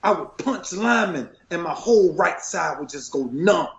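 A man's voice: high-pitched, animated, moderate pace, creaky. Passionate man, preacher-like storytelling, roomy echo, slightly muffled sound. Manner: passionate, repetitive, preacher-like rhythm. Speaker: podcast guest, retired football player. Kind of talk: emotional storytelling.

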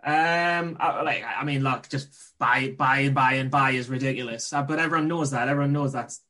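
A man's voice: medium pitch, moderate pace, sharp tone. A man talking casually as a trading coach on a podcast, emphatic and repetitive as he makes his points.

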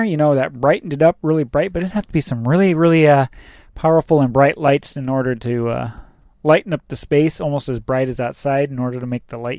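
A chatty truck driver rambles through a casual vlog story about his day, swearing now and then. His slightly mellow voice sits a little high for a man. The recording is close and very dry, with no echo or room sound.

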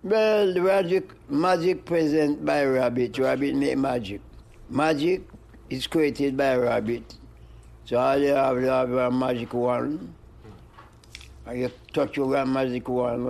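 Gravelly older man chanting rhymes. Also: medium pitch, a little mellow. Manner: rhythmic, sing-song chanting with animal noises and laughs. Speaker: interviewee, music pioneer. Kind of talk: free-flowing chanted poetry and wordplay.

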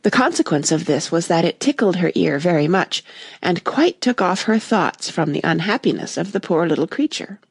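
A woman narrating a classic children's story in a lively, expressive reading voice. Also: on the low side, moderate pace, creaky, slightly rough, no room sound, clean studio sound.

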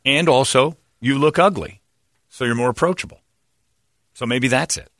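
A man's voice: mid-range voice, normal speed, fairly bright tone, no room sound, studio quality. A man from San Diego hosting a comedy talk show, telling crude rambling stories. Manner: crude, rambling storytelling with laughs. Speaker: host. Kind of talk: casual comedic banter.

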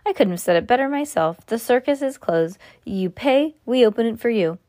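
A woman's voice: on the high side, animated, moderate pace, mellow, no room sound, clean studio sound, pitched above the performer's own voice, natural voice. A woman putting on a brash, wisecracking clown man. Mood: smug. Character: brash scruffy male circus clown.

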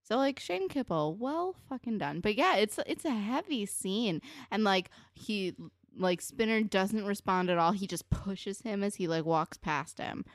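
A woman's voice: medium pitch, lively intonation, measured pace, no room sound, studio quality. Swearing young woman venting about a show. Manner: filler-heavy, profane, emphatic venting. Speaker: podcast co-host. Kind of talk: casual chat.

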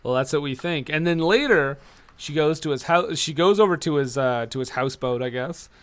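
A man mocking a movie in loose banter with friends. His voice sits slightly high, he swears freely and he acts out the dialogue to make fun of it. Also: a little fast, clean tone. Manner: sarcastic, swears, mock quotes. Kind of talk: casual movie review chat.

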